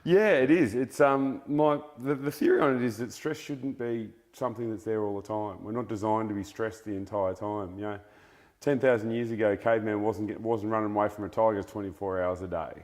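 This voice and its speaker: An Australian man chats as a guest author in an easygoing interview. He talks in a loose, blokey way, animated and unpolished, and swears now and then. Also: on the low side, a little fast, long reverb tail. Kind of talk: casual interview chat.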